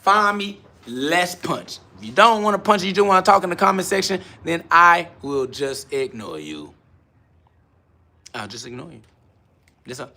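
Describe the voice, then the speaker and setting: A man's voice: on the high side, big pitch swings, normal speed, pushed and bright. A man hosting a live stream from his garage gym, answering viewer comments in a brash, boastful, repetitive rant. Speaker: livestream host.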